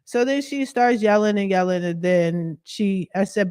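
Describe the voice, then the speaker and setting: A woman's voice: mid-range voice, normal speed, darkish tone, smooth, dry recording, clean studio sound. A woman, a credit expert, livestreaming from her living room at home and chatting animatedly as she multitasks through a story.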